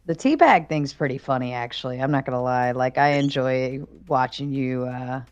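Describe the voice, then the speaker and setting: A woman hosting a casual livestream chat, speaking haltingly with many fillers. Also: rumbling low, no echo, lo-fi sound. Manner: hesitant, halting, filler-heavy. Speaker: stream host.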